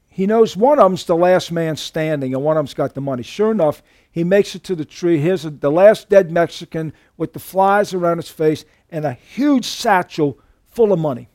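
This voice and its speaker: A man's voice: a little high, expressive, moderate pace, darkish tone, dry recording, clean studio sound. A male pastor preaching a sermon, telling stories in a folksy, emphatic way.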